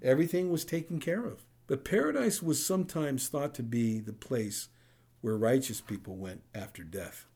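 Mellow-voiced man preaching a sermon. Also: medium pitch, animated, moderate pace, breathy edge. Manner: conversational preaching with frequent rhetorical "right?". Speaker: pastor.

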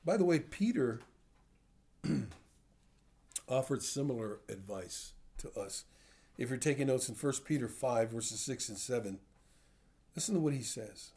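A man's voice: mid-range voice, animated, unhurried, long pauses, dark tone. An older man teaching a sermon in a conversational way, asking his listeners questions as he explains. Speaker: pastor.

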